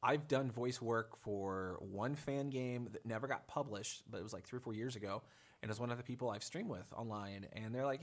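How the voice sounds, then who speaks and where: A man's voice: medium pitch, moderate pace. A man on a podcast in casual chat, telling long rambling anecdotes about voice acting. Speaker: podcast guest.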